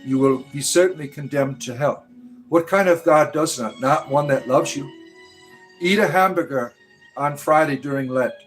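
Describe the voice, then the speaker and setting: A man's voice: a little high, normal speed, faint music behind. A man from the United States hosting a casual livestream, reading chat aloud and rambling with frequent "right?" tags.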